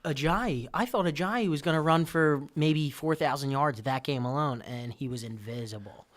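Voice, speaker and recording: A man's voice: a little high, moderate pace. A man co-hosting a casual sports podcast, rambling and stumbling over his words, swearing now and then. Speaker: podcast co-host.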